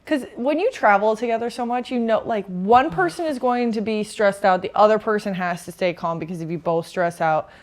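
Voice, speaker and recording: Woman, young adult, casual vlog chat, laughs often, mid pitch. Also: a little fast, hardly any pauses. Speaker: beach volleyball player, co-host.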